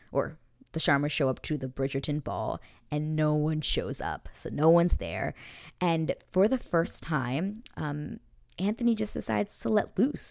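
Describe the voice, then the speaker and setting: Low-voiced woman gushing over a TV episode. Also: vocal fry, darkish tone, no room sound, clean studio sound. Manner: chatty, gushing, frequent fillers. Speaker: TV episode recap vlogger. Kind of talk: casual chat.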